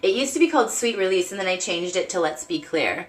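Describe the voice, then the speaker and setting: A woman's voice: lowish voice, a little fast, hardly any pauses, a bit bright, reverberant, soft background music, poor audio. A woman hosting a casual live stream at home, bubbly and chatty, greeting viewers by name and cooing at her cat.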